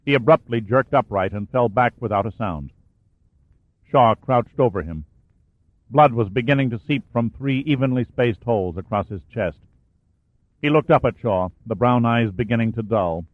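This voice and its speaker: A man reading a war thriller aloud as an audiobook narrator, in steady storytelling. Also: fairly low pitch, normal speed, dry recording. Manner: steady storytelling, lifts and raises his voice for shouted dialogue. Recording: dry, tinny phone-like sound.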